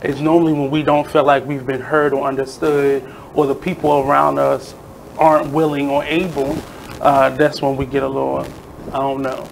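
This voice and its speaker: A man's voice: medium pitch, flat delivery, moderate pace, creaky, a little hiss or hum, low-quality recording. A man hosting a radio show, chatting casually and giving reflective advice to his guest. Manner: reflective, advice-giving, frequent "mm-hmm" backchannels. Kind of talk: casual interview chat.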